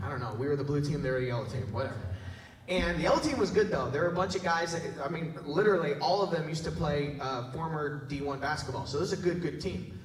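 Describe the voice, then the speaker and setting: A pastor with a high voice preaches in a large church hall, and his words ring out with a long echo. He sounds animated and jokey, and he keeps checking in with the congregation. The mic is some distance from him. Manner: animated, jokey, talks to the crowd with tag questions. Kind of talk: sermon with storytelling.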